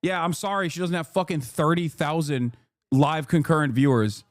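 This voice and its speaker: In casual live-stream commentary on a reaction video, a man with a higher voice rants angrily and profanely at a moderate pace. There's no room sound, and he fires off one indignant rhetorical question after another.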